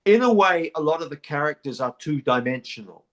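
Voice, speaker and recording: In this interview, the New Zealand actor's voice sits on the high side and moves a little fast, full of expression. He keeps it casual, repeating words and starting sentences over with plenty of "you know".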